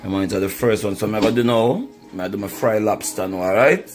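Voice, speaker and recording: A man's voice: on the low side, quick pace, faint music behind, poor audio. A man demonstrating home cooking, chatting to his viewers and calling them "my people" throughout. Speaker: cooking vlogger. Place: home kitchen.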